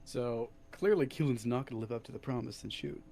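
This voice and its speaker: A man's voice: mid-range voice, fairly quick, warm tone, slight background noise. Matter-of-fact man playing a tabletop game. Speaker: player.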